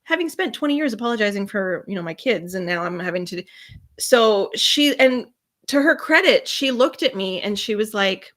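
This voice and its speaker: A woman guest in an interview, a business coach telling a candid, lively story and acting out what people said. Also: medium pitch, normal speed.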